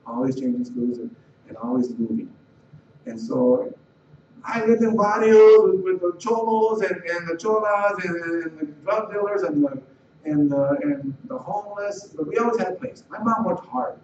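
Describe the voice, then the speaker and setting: A middle-aged man from the Los Angeles area telling a personal life story in a halting way, repeating words and restarting sentences. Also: high-pitched, lively intonation, darkish tone. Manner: halting, repeats words and restarts, voice rising when retelling tense moments. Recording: roomy, distant, dull and slightly noisy.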